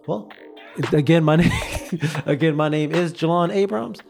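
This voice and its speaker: A man's voice: fairly high pitch, normal speed, gravelly, music in the background. A man hosting his own podcast, giving a loose, repetitive motivational talk straight to his listeners into a studio mic, a little out of breath. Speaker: podcast host. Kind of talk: casual motivational monologue.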